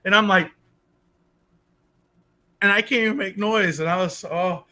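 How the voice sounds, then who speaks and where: A man in casual chat, telling exaggerated anecdotes in an animated, emphatic way. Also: high voice, unhurried.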